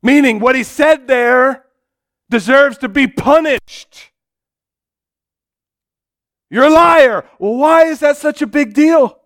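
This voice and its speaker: A man preaching a dramatic sermon in church, swinging between loud declarations and hushed, low passages. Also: a little slow. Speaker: pastor.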